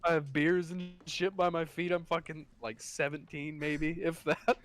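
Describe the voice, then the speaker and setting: A man's voice: a little high, level tone, moderate pace. A young man in casual chat, telling a story full of swearing and laughing through his lines.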